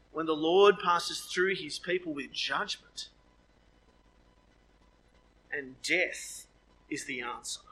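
A man preaching a sermon, lively with joking asides, his voice leaping up when he quotes. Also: a little high, husky, rough recording.

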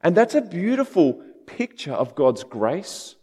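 Male preacher, casual and conversational, lively pitch, long hall reverb. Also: unhurried, breathy edge. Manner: conversational and animated, with casual asides. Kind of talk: sermon.

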